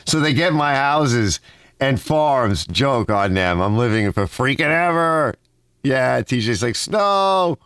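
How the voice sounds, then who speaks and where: A man's voice: medium pitch, animated, measured pace, fairly bright tone, clear, resonant tone, no echo, studio quality. A man hosting a casual garage livestream, reading viewer comments aloud and rambling through personal stories with frequent restarts. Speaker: host of a garage channel. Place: home garage.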